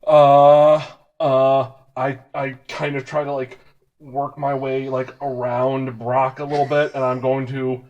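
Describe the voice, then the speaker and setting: A player at a tabletop game, describing a move slowly and a little unsure. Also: medium pitch, little pitch movement, a little mellow. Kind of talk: casual table talk.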